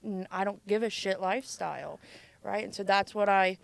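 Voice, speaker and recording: Smooth-voiced woman telling her story. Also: medium pitch, normal speed, dry recording. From Ohio. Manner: casual, frank, swears freely, acts out quotes. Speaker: podcast guest. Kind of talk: candid storytelling.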